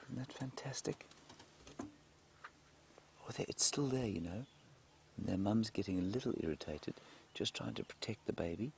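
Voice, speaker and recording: Low gravelly safari guide. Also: male voice, brisk, a little hiss or hum. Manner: chatty, answers viewer questions, drops to hushed excitement when animals appear. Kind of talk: live safari commentary. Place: outdoors in a game vehicle in the bush.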